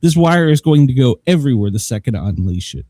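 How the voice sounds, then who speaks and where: A man's voice: medium pitch, sing-song, fast talker, dark tone, no echo. A man telling a long, rambling story in casual chat as a show host, laughing often. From Southern United States.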